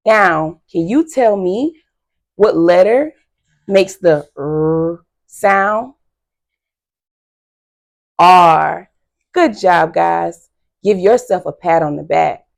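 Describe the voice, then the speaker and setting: A woman teacher giving a phonics lesson to young children, slow and encouraging with frequent praise. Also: fairly low pitch, gravelly.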